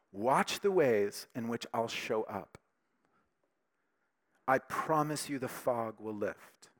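A man preaching a sermon with emphatic, animated delivery, dropping to quiet, intimate tones between louder passages. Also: medium pitch. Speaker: pastor.

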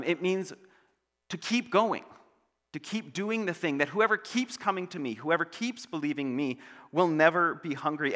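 Man, pastor, bright voice, higher pitch, playful jokey sermon, long church reverb. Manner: playful, joking storyteller.

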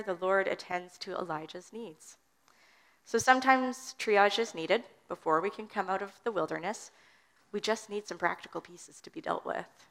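A woman's voice: medium pitch, fairly bright tone. A woman preaching a sermon in an earnest teaching manner, reading scripture aloud.

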